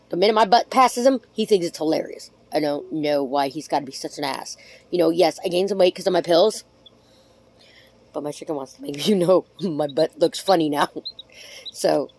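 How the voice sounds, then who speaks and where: Chatty woman with a lowish voice. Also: darkish tone. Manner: chatty, rambling, affectionate; frank, swears casually. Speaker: vlogger. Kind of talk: casual talk to camera.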